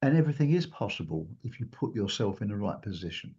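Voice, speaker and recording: A man telling a personal story during a talk, animated and acting out the lines of the people he quotes. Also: fairly low pitch, quick pace, slightly rough. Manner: animated, acts out quotes in a raised voice. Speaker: guest speaker. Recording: dull lo-fi recording.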